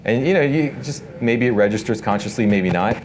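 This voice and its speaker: A man giving a casual live workshop talk to an audience in an event space, relaxed and talkative, full of filler words. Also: medium pitch, brisk, background noise. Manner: relaxed, talkative, many "like" and "you know" fillers.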